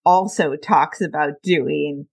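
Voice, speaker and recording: A woman's voice: low-pitched, slow pace, vocal fry, darkish tone, husky. A middle-aged woman hosting a podcast, speaking candidly, telling personal stories and laughing often. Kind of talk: casual conversational interview.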